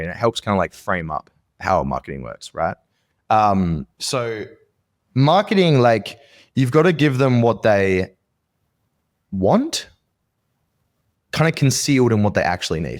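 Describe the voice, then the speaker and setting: Casual male co-host, lowish voice, rambling storyteller. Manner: rambling, filler-heavy storytelling. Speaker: podcast co-host. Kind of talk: casual chat.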